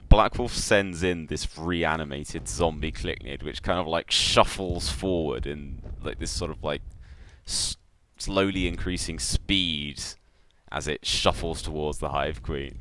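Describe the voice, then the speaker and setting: Very deep-voiced man as game master. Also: fairly bright tone, slight background noise. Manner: loose, rambling narration with fillers. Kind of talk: narrating a tabletop game live.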